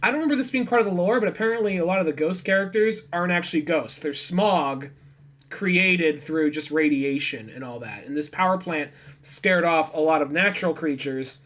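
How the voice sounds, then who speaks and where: A man's voice: on the high side, fairly bright tone. A young man co-hosting a podcast, casually retelling comic scenes and quoting the dialogue. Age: young adult. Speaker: podcast co-host. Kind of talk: casual chat.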